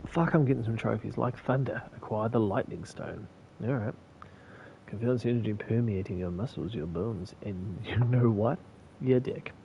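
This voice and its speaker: New guy streaming, gravelly voice, slight lisp, swears a lot and laughs, faint noise behind. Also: lowish voice, normal speed, lo-fi sound. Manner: profane, laughing, jokey. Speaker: game streamer. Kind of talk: casual live gameplay commentary.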